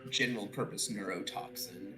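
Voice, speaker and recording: A man's voice: lowish voice, normal speed, bright, forceful tone, faint music behind, low-quality recording. A man playing a sci-fi tabletop game, asking careful questions and speaking in character with hesitant ums and uhs. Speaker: player.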